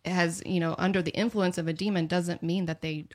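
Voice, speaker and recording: A woman sharing her thoughts on faith in casual conversation, reflective and halting in her phrasing. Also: on the low side, fairly even intonation.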